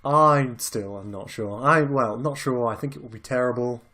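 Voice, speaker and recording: A man's voice: medium pitch, normal speed, pushed and bright. A British man casually chatting about films as a podcast co-host, laid-back and rambling, swearing now and then. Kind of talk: casual film chat.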